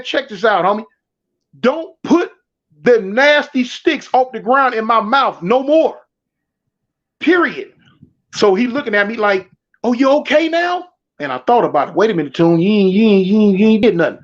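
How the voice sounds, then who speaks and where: A man telling a story in casual street slang, acting out the other people's voices as he goes. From Southern California. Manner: street slang, acts out voices of others with big pitch jumps. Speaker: storyteller guest. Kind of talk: animated storytelling. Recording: dull lo-fi sound.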